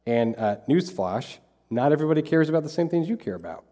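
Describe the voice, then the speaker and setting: A man's voice: medium pitch, lively intonation, fast talker, hardly any pauses, dark tone. A man preaching a sermon as pastor, talking in a conversational way and repeating phrases for emphasis. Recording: long hall reverb.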